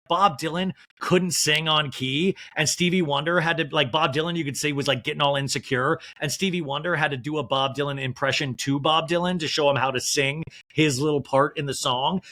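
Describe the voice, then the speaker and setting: A man hosting a podcast in casual chat, animated, swearing freely and saying "like" a lot. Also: on the high side. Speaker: podcast host.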